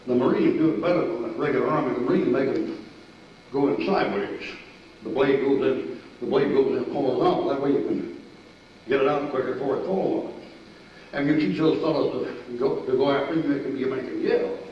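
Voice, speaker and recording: A man's voice: mid-range voice, brisk, slight background noise. Folksy older man preaching in an echoey church. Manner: folksy, animated, shouts and laughs mid-story. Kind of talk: sermon with army stories. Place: church sanctuary. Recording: echoey distant church recording, dull and lo-fi.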